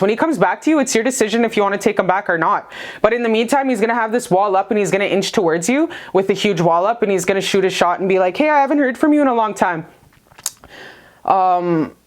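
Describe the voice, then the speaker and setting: Woman, tarot reader, casual and chatty, blunt, profane, mid-pitched voice. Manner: blunt, profane, chatty, addresses viewers as you guys. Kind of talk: casual tarot reading to viewers.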